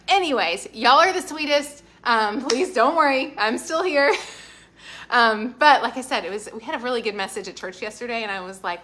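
A woman's voice: a little high, lively intonation, normal speed, fairly bright tone, slight background noise. A woman, hosting a home channel live stream from her kitchen and gushing thanks to viewers by name. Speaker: lifestyle channel host.

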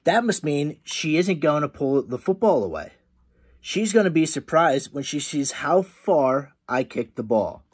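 A hopeful, put-upon young boy who blurts out his lines eagerly, voiced by a man reading a storybook. The voice is lifted high and moves with lively swings. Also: a little slow, breathy edge. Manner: eager, exclaiming.

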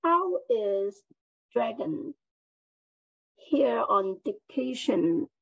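A woman with an accent asking questions in a workshop, speaking slowly and carefully. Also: fairly high pitch, very animated, gravelly, slightly rough, dry recording, lo-fi sound. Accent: non-native English. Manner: slow and careful. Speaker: workshop participant.

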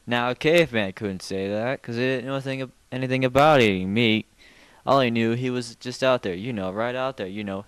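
A man's voice: medium pitch, a little fast, smooth, no echo. A man telling a rambling comic story in a folksy way, full of asides. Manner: rambling, folksy delivery with many "you know"s.

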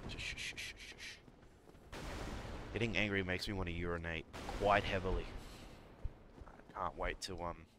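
A man's voice: on the low side, background noise. A young man streaming live, muttering and scolding himself as he talks to chat over gameplay.

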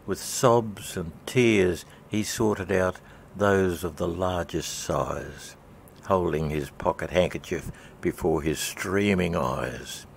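A man narrating a poem in a measured, rhythmic storybook reading. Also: deep voice, vocal fry, slight background noise.

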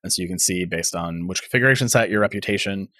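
A man's voice: low-pitched, fast talker, bright, forceful tone, dry recording, studio quality. A man co-hosting a casual tech podcast, sarcastic and rambling as he thinks aloud. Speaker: podcast co-host.

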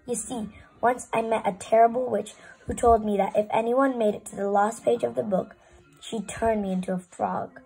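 Woman reading a storybook dramatically, gravelly edge. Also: a little high, steady tone, moderate pace, dark tone, faint music behind, poor audio. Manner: dramatic, swings between pleading and exasperated. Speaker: storybook reader. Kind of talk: expressive children's book reading.

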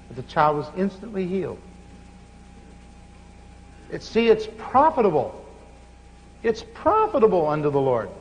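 A man preaching, telling stories with animated laughter. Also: on the high side. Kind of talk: sermon storytelling. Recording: muffled hall recording with faint hiss.

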